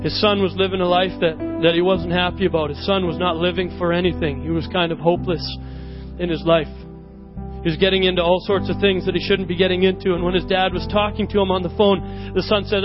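A man with a notably high voice delivers a sermon, spinning a personal story with lively, self-mocking energy. Worship music plays clearly behind him, and the recording sounds a little dull. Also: quick pace. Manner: animated storyteller, often laughing at himself. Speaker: preacher. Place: church service.

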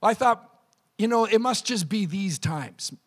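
High-voiced pastor preaching. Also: male voice, a little slow. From Canada. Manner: animated storytelling, acting out quotes. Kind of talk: sermon.

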